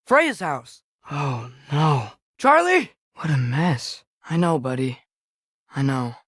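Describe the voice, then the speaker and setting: A young actor playing an earnest, curious teenage boy in a video game, quietly talking to himself. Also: on the high side, sing-song, takes it slowly, breathy edge, no room sound, clean studio sound, full character voice. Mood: musing. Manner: quiet, musing self-talk. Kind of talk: game voice lines.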